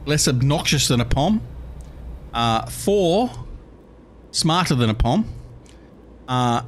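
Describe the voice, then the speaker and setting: A man's voice: medium pitch, slight background noise. An Australian man hosting a livestream, rambling and joking as he reads out chat messages. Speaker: livestream host.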